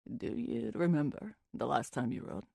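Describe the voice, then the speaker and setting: A young Scottish stable hand, fretful and exasperated, scolds in a husky voice with a lively rise and fall, as an audiobook reader puts him on. His gravelly tone has a Scottish accent throughout. It is recorded close and dry. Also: mid-range voice, normal speed, no room sound, heavily acted.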